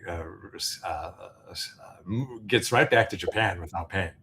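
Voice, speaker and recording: A man, an interview guest, telling a story in a casual, halting way, full of fillers and restarts. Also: low voice. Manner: animated, laughing storyteller. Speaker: interview guest, business founder.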